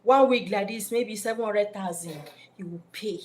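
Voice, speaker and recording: A woman with a Nigerian accent giving spiritual life advice in an animated way, acting out scenes in different voices. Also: mid-range voice, normal speed, a little hiss or hum.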